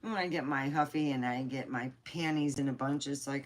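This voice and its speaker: A woman's voice: rumbling low, normal speed. A middle-aged woman chatting casually on a livestream, rambling and candid, swearing freely. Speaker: livestream host.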